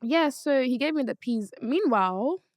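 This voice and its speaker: A woman's voice: sits high, animated, normal speed, no echo. A young woman hosting a podcast, telling a story bluntly and animatedly, swearing freely. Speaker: podcast host. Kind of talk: casual chat, storytelling.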